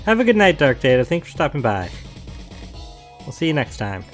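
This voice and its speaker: A man's voice: mid-range voice, very animated, a little fast. A man joking dryly and teasing his co-host while they play through a story game. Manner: dry, teasing banter. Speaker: let's play co-streamer. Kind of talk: casual co-op game commentary. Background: game music.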